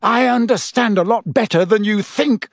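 A man's voice: sits high, normal speed, no room sound, studio quality, pitched above the performer's own voice. A man reading an audiobook, voicing an angry teenage boy wizard whose voice shakes as he accuses. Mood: furious. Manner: voice shaking, accusing.

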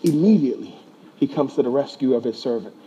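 A man's voice: mid-range voice, expressive, fast talker, dark tone, slightly rough, lo-fi sound. A man preaching a sermon to a congregation, asking rhetorical questions and repeating key words for emphasis. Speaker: pastor.

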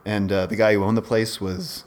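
A man's voice: fairly low pitch, little pitch movement, brisk. A man in his forties, a podcast co-host, telling a long rambling story in casual chat, often breaking off and restarting. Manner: rambling, self-interrupting storyteller.

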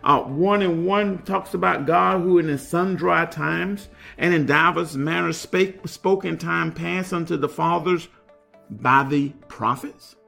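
A man with a fairly high, gravelly voice teaches a Bible study. He reads scripture aloud and then explains it in an unhurried, plain way. Faint music plays behind him. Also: sharp tone. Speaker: pastor.

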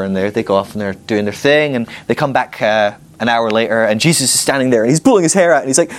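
A man teaching a Bible class in a playful, animated way, acting out little scenes with humor. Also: mid-range voice, fast, few pauses.

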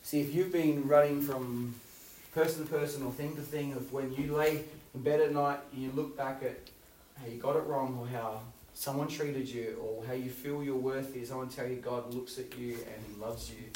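Guy preaching to a youth group, animated, goes loud then quiet, roomy echoey hall, bit far from the mic. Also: medium pitch, normal speed, a little hiss or hum. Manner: animated storytelling, swinging from loud to hushed. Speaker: youth pastor. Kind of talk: sermon.

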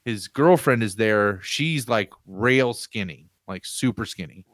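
A man in casual chat, telling an animated, rambling story from his home on a video call. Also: lowish voice, a little slow, no room sound, clean studio sound. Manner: animated, rambling, laughs while telling stories. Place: home room with pinball machines.

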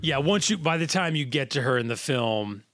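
A man's voice: mid-range voice, animated, moderate pace, a bit bright, no room sound, clean studio sound. A man hosting a casual film podcast over a video call, rambling and cutting himself off, laughing easily. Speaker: podcast host. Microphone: video call recording.

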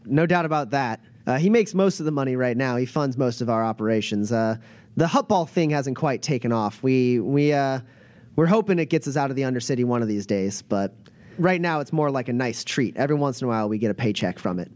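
A man doing a halting underworld gang leader woman. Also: mid-range voice, animated, darkish tone, no room sound, natural voice. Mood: chatty. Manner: halting, full of fillers.

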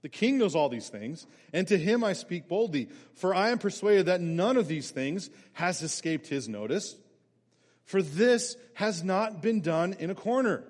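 Man doing an earnest apostle, pleading, emphatic, raised pitch, reverberant hall. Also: lively intonation, unhurried. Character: earnest apostle defending himself before a king.

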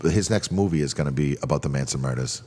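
A man's voice: a bass voice, quick pace, a little mellow, husky. A man co-hosting a casual chat show, talking in a profane, rambling way full of "you know". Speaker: podcast co-host. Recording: long reverb.

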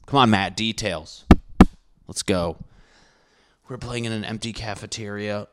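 Deep-voiced, profane man telling stories. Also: measured pace, pauses often, fairly bright tone, slight background noise. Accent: Connecticut. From Connecticut. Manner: rambling, profane, self-correcting. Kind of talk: casual comedic storytelling.

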